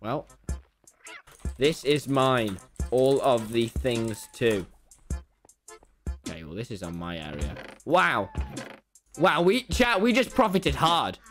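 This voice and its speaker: A young man streaming a game live, talking loudly and excitably to his chat in a brash, boastful way. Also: mid-range voice, slow, long pauses, soft background music. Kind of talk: livestream gaming commentary.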